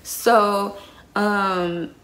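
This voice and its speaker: A woman's voice: mid-range voice, steady tone, very slow, a bit bright. A young woman telling a heated, profanity-laced story to her viewers, calling them y'all. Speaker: vlogger. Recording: roomy echo.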